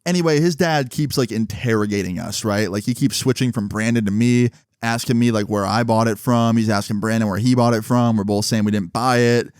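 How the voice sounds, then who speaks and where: A man telling a story in a casual storytime vlog, animated and full of swearing and fillers. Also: medium pitch, fairly quick, clear, resonant tone, dry recording, studio quality.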